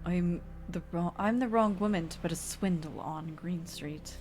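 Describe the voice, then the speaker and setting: A woman's voice: lowish voice, unhurried, hardly any pauses, a little mellow, soft background music. A woman streamer giving playful, self-deprecating commentary while playing a story game. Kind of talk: casual gameplay commentary.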